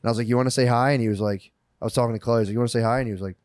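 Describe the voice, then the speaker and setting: Crude, animated man telling stories. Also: medium pitch, very fast, smooth, dry recording, clean studio sound. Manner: crude, animated storytelling with mocking voices. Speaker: podcast co-host. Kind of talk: casual comedic chat.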